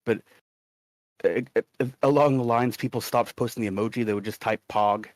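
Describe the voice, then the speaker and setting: A man's voice: medium pitch, steady tone, a little fast, dry recording. A man co-hosting a livestream in casual chat, rambling and reading chat messages aloud. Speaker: stream co-host.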